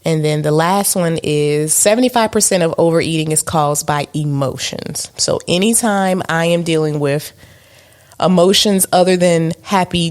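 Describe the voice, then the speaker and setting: A woman co-hosting a podcast in a casual chat, candid and self-mocking, with many fillers. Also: deep voice. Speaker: podcast co-host.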